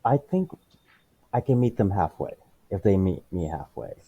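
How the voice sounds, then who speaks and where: A man's voice: low voice, very animated, normal speed, slightly rough, lo-fi sound. A man, a teacher and podcast guest, speaking in a blunt, matter-of-fact way in a casual interview.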